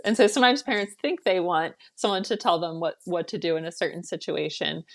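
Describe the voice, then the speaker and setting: Woman parent coach, lowish voice, warm reassurance, casual podcast conversation. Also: fairly quick, hardly any pauses.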